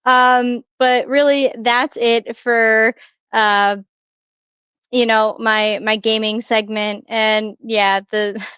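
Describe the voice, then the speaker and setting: Chatty woman podcast host, bit high, smooth voice, kinda dull lo-fi sound. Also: fairly even intonation, a little slow, a bit bright, dry recording. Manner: chatty, many fillers and restarts, laughs often. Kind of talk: casual chat.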